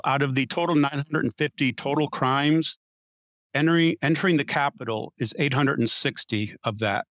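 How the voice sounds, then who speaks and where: A man's voice: mid-range voice, fairly bright tone, dry recording, studio quality. A man in a casual panel debate, arguing his point insistently and reeling off statistics. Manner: argumentative, cites statistics. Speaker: panel guest.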